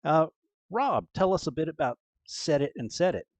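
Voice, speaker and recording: A man's voice: on the high side, sing-song, moderate pace, no echo. A man hosting a tabletop game stream as game master, rambling with many fillers. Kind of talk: casual stream introduction.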